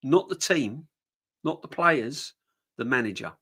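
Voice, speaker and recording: A middle-aged man hosting a football fan stream, reading viewer comments and answering them in an animated, emphatic way, often repeating his points. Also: medium pitch, a little slow, slightly rough. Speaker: football fan channel host.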